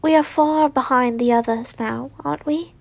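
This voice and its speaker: A woman voicing a gentle, apologetic young man who comforts his fiancé, speaking softly and haltingly, often near a whisper. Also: high voice, vocal fry, no room sound. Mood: tender.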